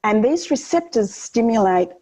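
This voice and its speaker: A woman guest in an interview, explaining calming techniques for children in an earnest, teacherly way, often pausing with ums and restarting her sentences. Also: fairly high pitch, rough recording. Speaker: guest educator on children's wellbeing.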